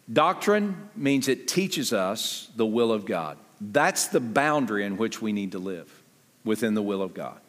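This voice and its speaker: A man preaching a sermon as pastor, talking conversationally with lively jumps in pitch and quick asides. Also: in a large hall.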